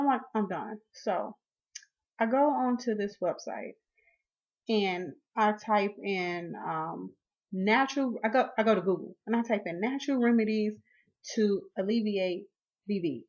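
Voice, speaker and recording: A woman in her twenties recounts her own story straight to camera in a mid-range voice. She gets animated and acts out the lines she and others said. The recording sounds dull and lo-fi. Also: medium pitch. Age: 20s. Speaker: vlogger.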